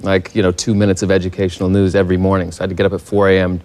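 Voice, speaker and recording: A man's voice: deep voice, completely flat delivery, very fast, darkish tone. A man from Oklahoma, a talk show guest, telling a story in an easygoing, self-deprecating way. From Oklahoma, United States. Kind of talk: casual talk show chat.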